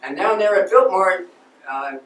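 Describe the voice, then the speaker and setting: A man's voice: high voice, animated, moderate pace, a bit bright. A man playing an impassioned old-time landscape architect. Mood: earnest. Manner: emotional, earnest storytelling with sudden outbursts. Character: aging 19th-century male landscape architect, passionate and restless. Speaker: historical reenactor. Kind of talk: first-person living-history monologue. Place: lecture hall. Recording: echoey hall, distant mic.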